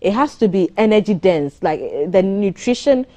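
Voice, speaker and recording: A woman, a doctor giving measured advice on a morning TV show. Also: medium pitch, animated, warm tone. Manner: explanatory, measured, advisory. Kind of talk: studio interview on a morning TV show.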